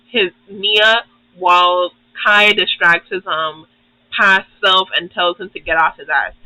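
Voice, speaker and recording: Young man, high voice, dry close recording, casual rambling recap, lots of swearing. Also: pushed and bright, no room sound, low-quality recording. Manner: profane, rambling, acts out characters. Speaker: YouTube host.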